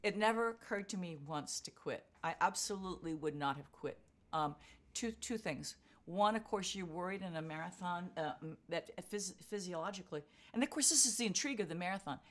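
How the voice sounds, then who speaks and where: An older woman being interviewed, telling a story with lively acted-out quotes. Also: lowish voice, a little fast. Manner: vivid storyteller acting out quotes. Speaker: interviewee, marathon runner.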